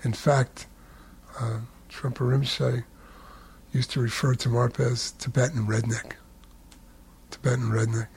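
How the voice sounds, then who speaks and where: A man telling a spiritual story in a relaxed, conversational way, with humorous asides. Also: mid-range voice, a little slow, vocal fry, slight background noise.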